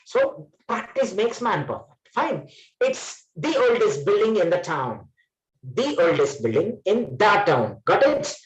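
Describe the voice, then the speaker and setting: A man's voice: high-pitched, very animated, unhurried, reverberant, poor audio. A man teaching an online English grammar class, often repeating phrases and correcting himself. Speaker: English trainer.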